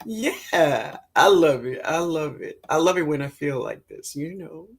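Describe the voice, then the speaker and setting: A woman chats through a livestream at an unhurried pace. Her pitch rises and falls in big, lively swings. She laughs easily and calls her viewers baby, honey and sweetheart as she reads their comments aloud. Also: vocal fry, breathy edge. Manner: excitable and laughing. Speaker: livestream host, gardener. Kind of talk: casual livestream chat, reading comments aloud.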